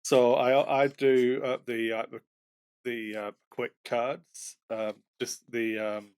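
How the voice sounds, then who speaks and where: A man's voice: mid-range voice, flat delivery, slow, a little mellow, smooth. A man co-hosting a podcast, chatting casually about running tabletop games, self-mocking, with fillers and false starts. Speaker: podcast co-host, game master.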